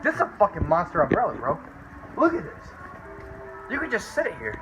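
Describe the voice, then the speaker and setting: A man's voice: high-pitched, wildly swooping pitch, a little fast, dull audio, loud music behind the voice. A young man bantering casually with a friend, joking and swearing freely. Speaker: friend on the vlog. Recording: noisy background.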